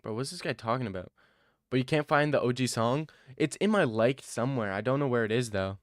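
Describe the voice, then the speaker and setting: Young adult man, live streamer, laid-back rambling chat, smooth clear voice, dry close sound. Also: mid-range voice, fairly quick, no room sound. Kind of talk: casual chat reading live chat.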